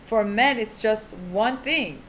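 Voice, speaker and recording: A woman's voice: mid-range voice, takes it slowly, a bit bright, slight background noise. A woman teaching religious family law in a casual, frank, chatty way, often saying "like.". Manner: chatty, full of "like" fillers; frank, down-to-earth. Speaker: teacher of Jewish family purity laws. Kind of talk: casual explanatory talk.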